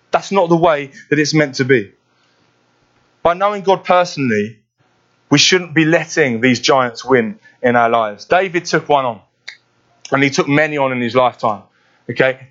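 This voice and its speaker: A man's voice: a little high, a bit bright, lo-fi sound. A man preaching a conversational sermon who often checks in with "yeah?". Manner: conversational, keeps asking "yeah?". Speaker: pastor.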